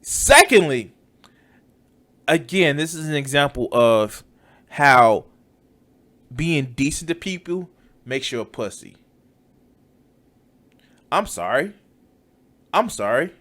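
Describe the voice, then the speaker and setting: A man riffing on a clip he is playing, slow and deliberate, sneering and swearing. His voice sits high and swings widely as he mocks the speaker. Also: animated, fairly bright tone. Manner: mocking, exasperated, swears often. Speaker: reaction streamer. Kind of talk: profane reaction commentary.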